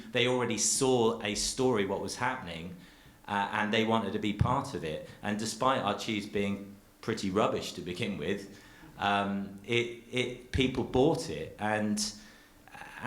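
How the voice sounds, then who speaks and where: A man who farms dairy and makes cheese addresses a theatre audience in a sincere, meandering talk with frequent restarts. The roomy recording carries his fairly low-pitched, fairly bright voice.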